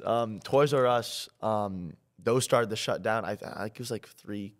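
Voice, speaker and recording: A teenage boy chats on a school podcast, circling his points with "like" and "um" and frequent restarts. His voice sits on the lower side, relaxed and conversational. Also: measured pace. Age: teens. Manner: rambling, lots of fillers and restarts. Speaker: student podcast co-host. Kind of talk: casual chat. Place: town hall studio.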